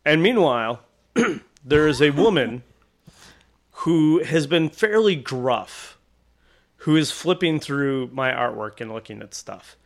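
A man, an artist, recounting a convention story in casual podcast chat. He is animated, acts out other people's voices and laughs often. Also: a little high, slow, creaky.

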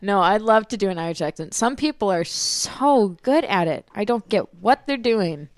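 A woman's voice: mid-range voice, lively intonation, normal speed, no echo. A woman chatting casually on a podcast, bubbly and gushing, laughing often.

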